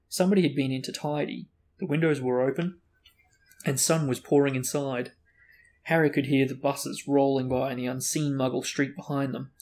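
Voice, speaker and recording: A man reading a novel aloud to a friend, giving the dialogue lively character voices and breaking off for casual asides. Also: mid-range voice. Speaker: book discussion host reading aloud.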